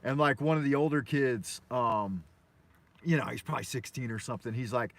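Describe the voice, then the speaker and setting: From his car in Los Angeles, an American host runs a live morning stream full of loose, cursing, meandering stories. His mid-range voice moves at a brisk pace, and there's no room sound.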